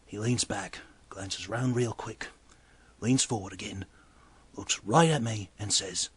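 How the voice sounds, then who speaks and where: A man voicing a chatty male bartender, telling a bar story in a breathy voice. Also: on the low side, measured pace. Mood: gossipy storytelling. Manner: exclaims loudly, then drops to hushed asides. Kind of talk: comedic character monologue.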